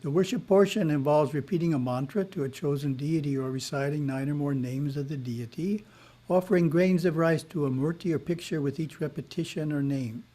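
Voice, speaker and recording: A man giving a spiritual lesson in a webinar, reading in a measured way with short asides, heard over a video call. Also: fairly high pitch, dark tone. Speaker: spiritual teacher.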